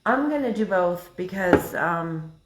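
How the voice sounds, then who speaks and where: Woman, slow unhurried talk, excitable craft-stream host, chatty, noisy background. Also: lowish voice, echoey room. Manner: chatty, excitable, thinks aloud. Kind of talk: casual live craft demo.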